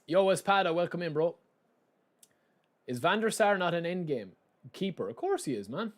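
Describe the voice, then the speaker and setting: A man streaming a football game, talking in a chatty, joking way straight to his viewers. His voice sits a little higher than most men's. The commentary stays loose and casual throughout. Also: very animated, normal speed. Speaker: gaming streamer. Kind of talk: casual live gameplay commentary.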